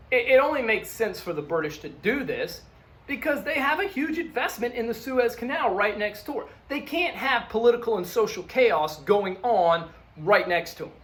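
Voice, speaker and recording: A man's voice: very high voice, fairly bright tone. A male history teacher giving a conversational lecture, checking in often with "okay?" and "look". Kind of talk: classroom lecture.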